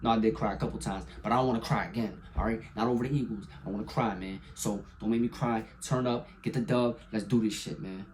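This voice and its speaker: A man's voice: quick pace, hardly any pauses, a little hiss or hum. Hyped young man ranting sports picks. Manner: hyped and profane, swinging from loud excitement to low mumbles. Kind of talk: casual sports prediction monologue.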